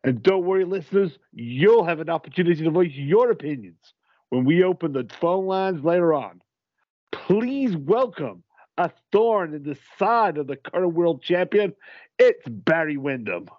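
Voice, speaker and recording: A man's voice: fairly high pitch, animated, moderate pace, no echo. A man playing an upbeat wrestling talk-show host with an announcer's manner, on a dull old radio sound. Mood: hyping. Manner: announcer-style, hyping.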